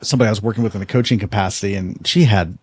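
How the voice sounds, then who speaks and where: Husky and fairly low-pitched, this man's voice comes rapid-fire as he hosts a podcast and earnestly tells a story. He talks conversationally, frequently repeating words when restarting a thought, and there's no room sound.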